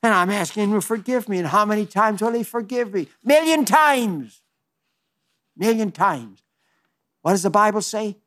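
A man's voice: high voice, fairly even intonation, fast, few pauses, bright, forceful tone. A man in his nineties preaching a sermon in a fervent, folksy way, often restarting his sentences. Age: 90s.

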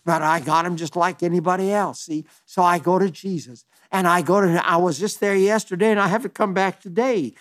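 High-voiced preacher in his nineties. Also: a little fast, hardly any pauses, a bit bright. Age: 90s. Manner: fervent, folksy, with frequent restarts. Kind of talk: sermon.

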